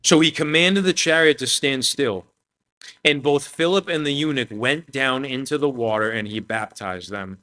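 A man's voice: medium pitch, normal speed, bright, forceful tone. A man, the pastor, giving a conversational sermon to his church, talking casually with lots of "man" and "you know".

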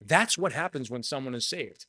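A man's voice: mid-range voice, lively intonation, normal speed, pushed and bright, dry recording, studio quality. A man preaching a sermon, earnest and personal, repeating phrases for emphasis. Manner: shares personal testimony.

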